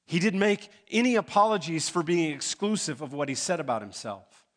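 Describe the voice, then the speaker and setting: A man's voice: on the high side, big pitch swings, a little fast, fairly bright tone. Emphatic male pastor preaching a sermon. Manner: emphatic, rising to urgent pleas.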